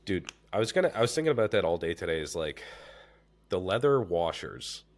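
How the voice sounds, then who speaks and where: A man with a very deep voice, congested and stuffed up, chatting casually as a podcast host. He talks loosely, with plenty of fillers and swearing. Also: fairly quick. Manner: relaxed, swears freely, many fillers. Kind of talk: casual chat.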